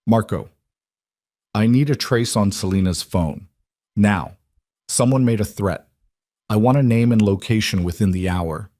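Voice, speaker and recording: Cold male crime boss, clipped commands, low voice, dry sound, audiobook, voiced by a man. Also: measured pace, pauses often, dark tone, dry recording, natural voice.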